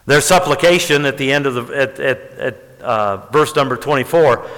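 A man preaching a sermon, telling stories and rising to emphatic high peaks. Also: normal speed, hardly any pauses, fairly bright tone. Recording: long hall reverb.

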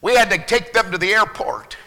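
A pastor preaching a sermon to his congregation, moving between loud preaching and hushed, low asides. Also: animated, a little fast. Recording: long hall reverb.

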